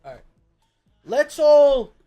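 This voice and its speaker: A man's voice: very high-pitched, expressive, slow pace, warm tone, faint music behind. A man co-hosting a casual chat, chiming in with blunt, profane remarks. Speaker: streamer co-host.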